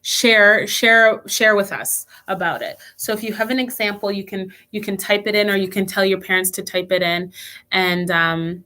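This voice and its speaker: A woman's voice: mid-range voice, fairly even intonation, moderate pace, pushed and bright. A young woman leading a children's church lesson online, telling a personal story earnestly with frequent restarts.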